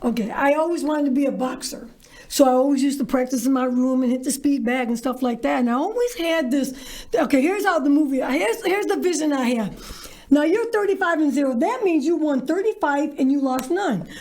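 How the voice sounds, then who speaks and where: A brash, theatrical woman pitches her movie on a talk show and acts out each part as she goes. Her voice is high and bright. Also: a little fast. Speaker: guest, filmmaker. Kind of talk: animated storytelling.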